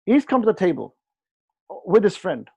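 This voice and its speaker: A man leading an online training session, talking in a lively, joking way and acting out short dialogues. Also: high voice, normal speed, vocal fry, slightly rough, no echo. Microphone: video call. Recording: dull lo-fi video call audio.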